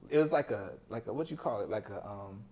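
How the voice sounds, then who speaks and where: A man's voice: lowish voice, fast talker. Young man telling a story with slang. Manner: animated storytelling with slang, acting out quoted people. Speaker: podcast guest. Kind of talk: casual chat.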